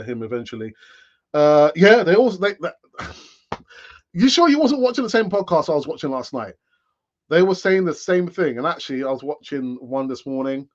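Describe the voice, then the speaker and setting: A man in his late fifties hosts a casual live-stream football chat for his fan channel, rambling along with sighs and asides. His voice sits in the mid range, and the sound is lo-fi.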